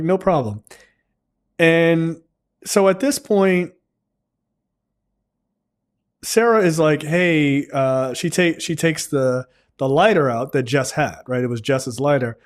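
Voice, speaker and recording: A man's voice: takes it slowly, pauses often. Chatty man recapping with jumpy character voices. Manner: animated, jumps into high voices for characters; profane, filler-heavy storytelling. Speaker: film podcast co-host. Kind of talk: casual plot recap.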